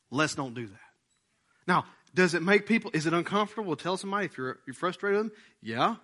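A male pastor preaching a sermon in a church, folksy and animated, asking the congregation questions. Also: a little high.

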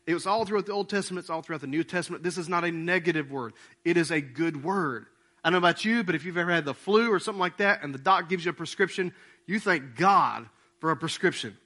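A man's voice: fairly high pitch, expressive, fast, sharp tone. A male pastor preaching a conversational sermon to his congregation, often checking in with questions. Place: church sanctuary with congregation.

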